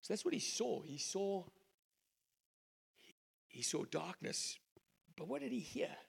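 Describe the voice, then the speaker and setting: A man preaching a sermon, emphatic storytelling that swings between loud and hushed. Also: sits high, sing-song, measured pace, vocal fry, husky.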